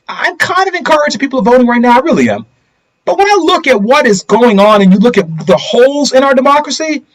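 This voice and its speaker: A man's voice: very high voice, low-quality recording. A middle-aged man hosting a casual political commentary livestream, talking straight to viewers and asking them rhetorical questions.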